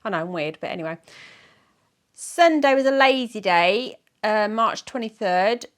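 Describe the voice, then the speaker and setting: Slow, chatty woman vlogger. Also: medium pitch, expressive. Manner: chatty, self-mocking, rambling. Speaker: weight-loss vlogger. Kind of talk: casual chat, reading from a diary.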